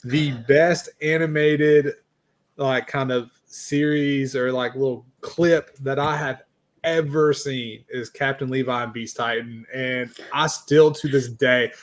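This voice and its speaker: Young man, excitable, swears a lot, casual podcast host, mid-pitched voice. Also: slow pace. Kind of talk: casual chat.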